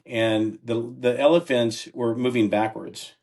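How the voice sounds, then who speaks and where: A man's voice: mid-range voice, moderate pace. A man in his sixties, a guest on a podcast, earnestly telling his life story and often checking in with "right?". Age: 60s. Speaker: entrepreneur guest. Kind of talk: personal storytelling in a podcast interview.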